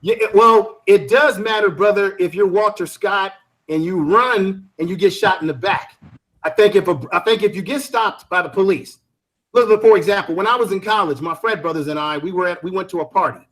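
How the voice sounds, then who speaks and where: Middle-aged man, panel guest on a video call; high, bright voice, insistent and emphatic, flares into shouting. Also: fairly quick. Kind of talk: heated online panel debate. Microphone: video call mic.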